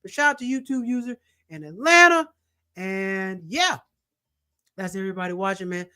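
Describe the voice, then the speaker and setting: A young man hosting a casual livestream, eagerly shouting out viewers and their cities and plugging his channels. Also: high voice, expressive, moderate pace, clear, resonant tone. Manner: hyped, repetitive shout-outs to viewers. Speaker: livestream host.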